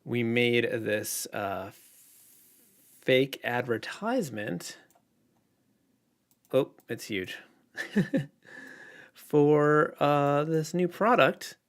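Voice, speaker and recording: A man chatting casually on a livestream, reading out viewer questions and answering in a relaxed, rambling way with lots of fillers. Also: on the high side, very slow, pauses often. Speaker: illustrator livestreaming.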